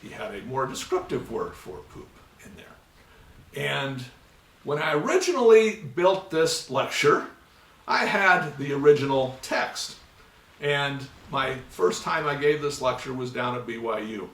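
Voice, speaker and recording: A man's voice: mid-range voice, animated, unhurried, a bit bright, a little hiss or hum. A man giving a classroom lecture, telling anecdotes and acting out the dialogue, with many fillers. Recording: roomy, mic at a distance.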